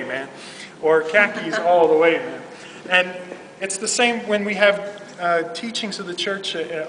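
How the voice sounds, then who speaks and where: A man's voice: high-pitched, sharp tone, a little hiss or hum. A man, a youth minister, giving a casual, humorous religious talk full of "like" and "you know". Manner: chatty, humorous, filler-heavy. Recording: roomy hall from far off.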